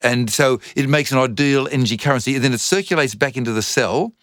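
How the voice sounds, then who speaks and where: A man's voice: medium pitch, quick pace, a bit bright, dry recording, clean studio sound. A man co-hosting a science podcast in casual chat, joking and explaining things with everyday metaphors. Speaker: science co-host.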